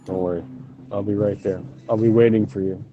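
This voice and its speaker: A man's voice: on the low side, fairly even intonation, a little fast, highs cut off, soft background music. A man in casual gaming voice chat, rambling and joking with plenty of swearing. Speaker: gaming lobby regular.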